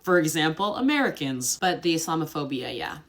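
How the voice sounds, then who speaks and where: Young woman, low-pitched, direct conversational vlogger with a wry tone. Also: sing-song, a bit bright. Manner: chatty and direct, with quick asides and mocking impressions. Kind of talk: casual talking-to-camera vlog.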